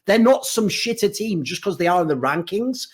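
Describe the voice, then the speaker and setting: Husky, high, lively-voiced man ranting. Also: normal speed. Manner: rambling, mocking, swears constantly. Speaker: podcast co-host. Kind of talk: casual profane podcast banter. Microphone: remote call mic.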